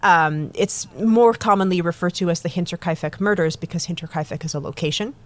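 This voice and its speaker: A woman's voice: lowish voice, a little fast. A woman co-hosting a casual true-crime podcast, chatty and self-deprecating, laughing often. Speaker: podcast co-host.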